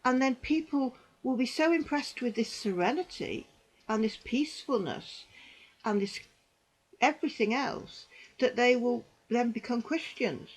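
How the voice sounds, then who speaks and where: Older woman, a higher voice, candid rambling monologue, unwell and tired. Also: expressive, unhurried, slightly rough, rough recording. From United Kingdom. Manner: rambling and earnest, with frequent restarts. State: unwell and in pain. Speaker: vlogger, former psychiatric nurse. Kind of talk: personal commentary monologue.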